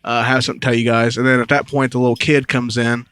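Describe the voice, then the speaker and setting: A man's voice: medium pitch, fast, smooth, dry recording. A man co-hosting a casual film review podcast, swearing freely and acting out scenes as he retells them. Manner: profane, animated retelling of scenes. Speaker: podcast co-host.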